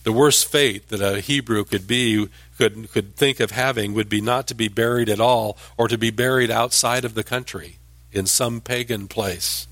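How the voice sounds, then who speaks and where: A man's voice: lowish voice, steady tone, moderate pace, fairly bright tone, no echo. A man teaching scripture, dry close sound. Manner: explanatory, with restarts and emphatic rises. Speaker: Bible teacher. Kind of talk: verse-by-verse Bible teaching.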